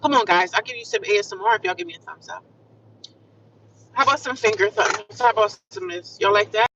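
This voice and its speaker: A woman's voice: medium pitch, fairly quick, background noise. Upbeat woman livestreaming from a car, chatty and affirming, caught a bit far off on a muffled phone mic. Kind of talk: casual livestream chat. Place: inside a car. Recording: distant, muffled phone audio.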